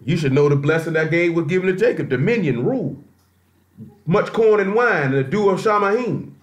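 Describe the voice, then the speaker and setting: A man's voice: a little high, lively intonation, brisk. A man preaching a sermon in a blunt, colloquial, scolding way, weaving in scripture readings.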